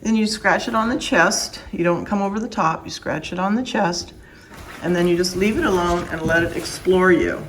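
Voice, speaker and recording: A woman's voice: on the low side, moderate pace, slight background noise, poor audio. Firm, plain-spoken woman breeder. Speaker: dog breeder. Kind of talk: casual instructional vlog.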